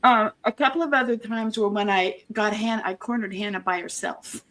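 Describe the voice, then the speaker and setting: A woman being interviewed, talking earnestly in a halting way, with many restarts and homely comparisons. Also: mid-range voice, steady tone, fairly bright tone. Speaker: interview guest, former member of a church group. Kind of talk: casual conversational interview.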